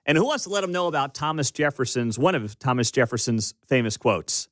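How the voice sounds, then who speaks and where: A man's voice: fairly high pitch, sing-song, moderate pace, a bit bright, no echo, studio quality. Sarcastic male radio talk host. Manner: sarcastic, incredulous. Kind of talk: opinionated radio commentary. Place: radio studio. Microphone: studio microphone.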